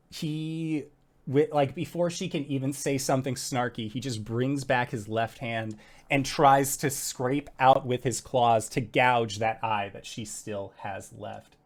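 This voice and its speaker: A game master narrating a tabletop game in vivid, casual detail, peppered with "like" and the odd swear. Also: medium pitch.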